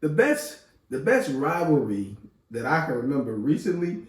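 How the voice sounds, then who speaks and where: A man co-hosting a casual sports podcast, animated and laughing, slipping into quick impressions. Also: a little high, distant mic. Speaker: podcast co-host. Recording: roomy sound from off the mic.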